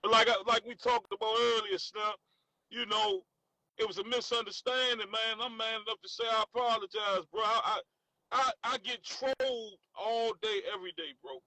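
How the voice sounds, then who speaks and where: Bright, high-voiced D.C. man with a Southern tinge. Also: fairly even intonation, normal speed, no room sound, low-quality recording. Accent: D.C. with a Southern, country tinge. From Washington, D.C. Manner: rambling, with constant "you know what I'm saying" fillers. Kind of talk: candid conversation.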